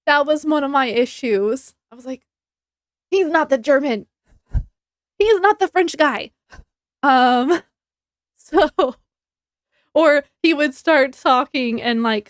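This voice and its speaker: A woman's voice: a little high, dry recording, clean studio sound. A woman chatting casually in a book review vlog, rambling with many ums and restarts, laughing easily and acting out her reactions.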